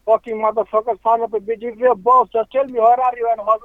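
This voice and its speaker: Man, very high voice, angry, swearing, broken phrasing, tinny phone line, dry. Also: level tone, fast, no room sound. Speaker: taxi driver on a prank call.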